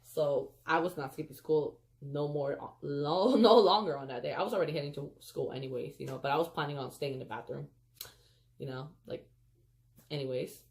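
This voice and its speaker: A woman's voice: deep voice, brisk. A woman telling a storytime vlog in casual chat, talking straight to viewers as "you guys" and leaning on "like" and "freaking.". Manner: animated, emphatic retelling. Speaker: storyteller vlogger.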